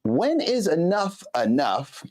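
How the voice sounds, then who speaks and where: A man's voice: on the high side, very animated, takes it slowly, a little mellow. A man in his forties from Los Angeles, hosting a live show with a chatty, emphatic monologue that speaks straight to viewers. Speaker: host.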